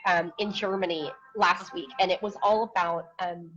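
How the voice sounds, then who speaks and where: In a dull lo-fi recording of a casual live-stream interview, a female guest speaks bluntly, repeating words as she gropes for them. Her voice is lowish and a bit bright, with a steady tone and moderate pace.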